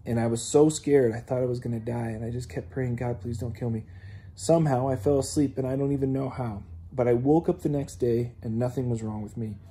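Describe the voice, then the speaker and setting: A man giving an earnest personal faith testimony, halting and filled with "you know". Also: mid-range voice, steady tone, mellow, slightly rough. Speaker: testimony speaker.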